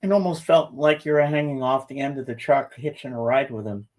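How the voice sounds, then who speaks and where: A man co-hosts a relaxed podcast, talking in a plain-spoken, easygoing way. His voice sits at a middle pitch. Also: brisk. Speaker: podcast co-host. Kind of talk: casual chat.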